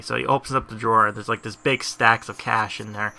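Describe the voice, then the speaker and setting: A man's voice: medium pitch, steady tone, quick pace, gravelly, hardly any pauses, pushed and bright. A man giving rambling, casual commentary over a video game, chuckling between tangents. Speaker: gamer.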